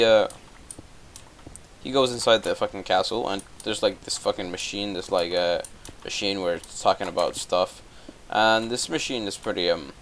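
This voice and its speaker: A man's voice: on the low side, fairly bright tone, a little hiss or hum. A young man casually retelling a film plot while gaming, swearing constantly and stumbling over fillers. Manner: profane, offhand, hesitant with many fillers. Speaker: gameplay commentator.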